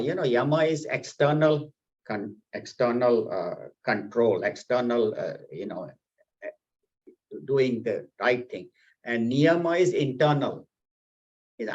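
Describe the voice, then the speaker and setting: Male spiritual teacher, storytelling discourse, mid pitch, slightly muffled lo-fi sound. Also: measured pace. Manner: explanatory, animated storytelling. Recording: slightly dull, lo-fi audio.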